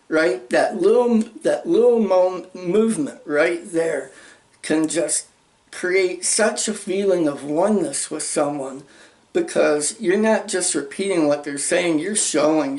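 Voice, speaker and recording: A man's voice: fairly high pitch, darkish tone. A man hosting a motivational self-help lesson, talking emphatically and acting out little example conversations. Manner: emphatic, acts out example dialogue. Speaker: channel host teaching social skills.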